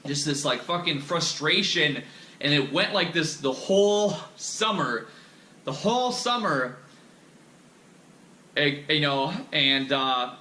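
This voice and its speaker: A man's voice: on the high side, lively intonation, takes it slowly, pauses often, bright, forceful tone, slight background noise. A young man hosting a podcast, telling a candid personal story in a rambling, profane way full of fillers and restarts. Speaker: podcast host. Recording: echoey room.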